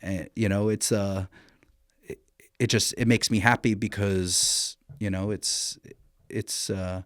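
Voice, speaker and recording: A man telling stories as a guest on a casual podcast about dog training, animated and blunt, swearing freely and restarting his sentences. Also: lowish voice, slow pace, dry recording, clean studio sound.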